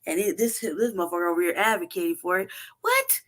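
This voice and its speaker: A woman host telling a story in a casual, profane, animated way, laughing often and acting out what people said. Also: on the low side, rapid-fire. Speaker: show host.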